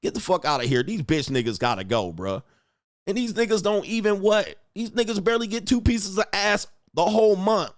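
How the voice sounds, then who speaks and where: This livestream host, a man in his forties, is profane and boisterous, mocking critics and reading chat messages aloud. He speaks briskly in a high voice with lively intonation, recorded dry at studio quality.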